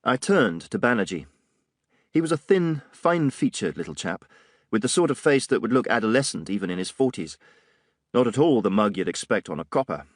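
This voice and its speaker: Male audiobook narrator, low, expressive, wry, dry studio. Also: brisk, dry recording. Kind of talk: scripted narration.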